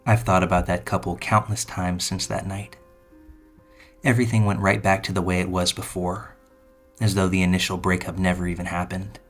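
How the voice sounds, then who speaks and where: Brief: male narrator, very low voice, even delivery, soft music underneath. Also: normal speed. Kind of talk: scripted narration of a true story. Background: faint music.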